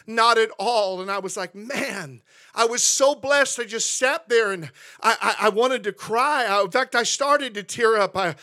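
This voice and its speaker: A man's voice: very high voice, unhurried, bright, forceful tone. A middle-aged man preaching a sermon in church as pastor, emotional and fervent, often repeating phrases. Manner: emotional, preaching with rising fervor and repetition.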